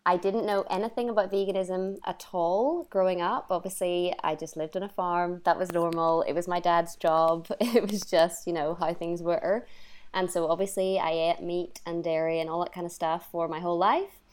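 Woman, young adult, lowish voice, casual interview chat, laughs a lot. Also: fairly even intonation, normal speed, a little mellow, smooth. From Northern Ireland. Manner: chatty, laughs often, acts out her own past remarks. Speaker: guest. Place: lives in London.

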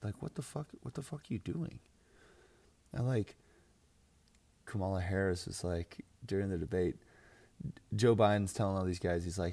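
A man's voice: low voice, moderate pace, pauses often, mellow. A young man hosting a fantasy football podcast, ranting casually with crude jokes, swearing and lots of filler words. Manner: crude, joking, mocking, frequent laughs and filler "like"; mimics others in exaggerated voices. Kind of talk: casual profane podcast rant.

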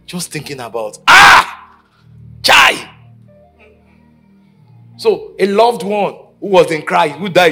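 A man preaching a sermon at a conference, telling stories and acting out the quotes, from shouting to near whispers. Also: high-pitched, big pitch swings, takes it slowly, long pauses, soft background music. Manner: dramatic storytelling, acting out quotes, swinging from shouts to hushed lines. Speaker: pastor. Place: conference stage.

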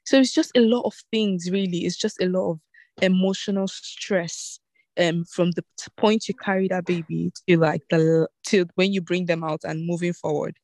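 A woman hosting a casual chat, lively and full of fillers, inviting her guests to share. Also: lowish voice, normal speed, dry recording.

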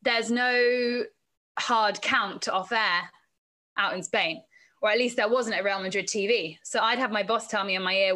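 A woman from England, a presenter and reporter, gives casual, chatty interview answers about her work as a guest on a podcast. Her mid-range voice is steady, bright and forceful at a normal speed, and she laughs often and mimics quoted voices.

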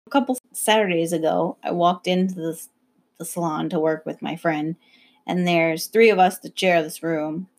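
A young woman casually telling a story about her work, animated, acting out other people's voices and swearing freely. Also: fairly low pitch, moderate pace.

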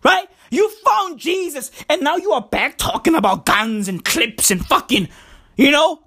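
A woman's voice: sits high, lively intonation, unhurried, fairly bright tone. A woman hosting a podcast, riffing a freestyle comedic monologue, rambling and profane and calling the listener "bruv". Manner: rambling, profane, repeats slang address "bruv". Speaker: podcast host.

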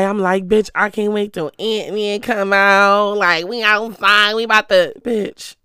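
Bright, animated vlogger dishing gossip. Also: medium pitch, smooth, dry recording, clean studio sound. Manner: animated, profane, gossipy storytelling. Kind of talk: casual chat to the camera. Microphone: stand mic close to the speaker.

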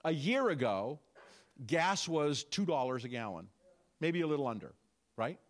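Male pastor, sermon delivery, fairly high voice with a very lively, swooping pitch, lots of rhetorical questions. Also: moderate pace. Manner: animated preaching with rhetorical questions.

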